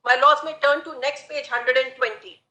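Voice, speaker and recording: High, bright Indian woman advocate. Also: dull audio. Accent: Indian English. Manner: measured, deferential, repeatedly saying "my lords". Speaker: advocate arguing a case. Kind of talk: formal courtroom argument. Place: courtroom. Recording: echoey courtroom audio.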